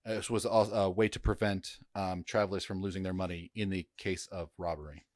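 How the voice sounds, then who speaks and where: A man's voice: low voice, fairly even intonation, fairly quick, darkish tone, no room sound, studio quality. A man hosting a casual history podcast, chatty and jokey, with frequent fillers and stumbles over names. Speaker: podcast host.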